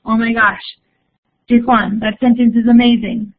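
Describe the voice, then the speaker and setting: A young Spanish teacher leads a live online lesson, upbeat and encouraging as she reads out answers from the chat. Her voice is on the high side with a steady tone at normal speed, over narrow phone-like audio.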